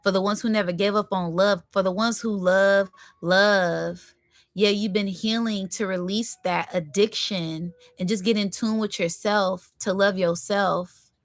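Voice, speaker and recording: A woman leads a live spiritual tarot reading, repeating affirmations and breaking into excited bursts. Her voice sits at a middle pitch. It sounds dry and close, with little room sound. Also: unhurried, dry recording.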